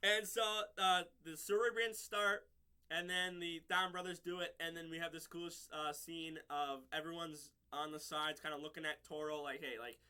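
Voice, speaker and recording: Casual male vlogger, high and sharp-toned, loose rambling recap full of "um" and "like". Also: steady tone, moderate pace, clear, resonant tone. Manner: rambling, many fillers and restarts, laughs at own slips. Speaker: episode reviewer.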